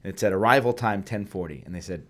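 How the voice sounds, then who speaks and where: Lower-voiced man telling a lively story. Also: quick pace. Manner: animated storyteller, acts out quotes. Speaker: host. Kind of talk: casual storytelling chat.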